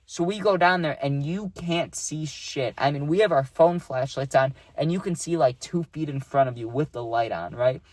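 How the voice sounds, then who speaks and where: A man's voice: on the high side, moderate pace, few pauses, no echo. A young man telling a spooky personal story in a casual, laid-back way, peppering his talk with "dude" and "right?".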